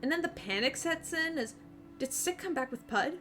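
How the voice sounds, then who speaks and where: A woman running a tabletop game over a voice call, her voice high and bright. She narrates scenes in a loose, descriptive way with fillers and restarts along the way. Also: animated, moderate pace, faint music behind. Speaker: game master. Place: home, online voice call.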